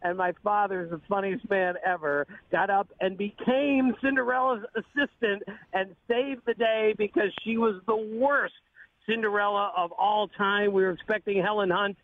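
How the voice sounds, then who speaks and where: A man telling a funny personal anecdote with a wry, deadpan delivery. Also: sits high, normal speed, no echo. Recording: tinny phone-line audio.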